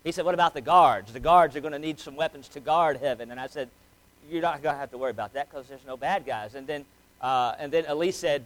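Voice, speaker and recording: A man in his thirties preaching a sermon as pastor, in a folksy, halting way with many fillers and restarts. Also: fairly high pitch, low-quality recording.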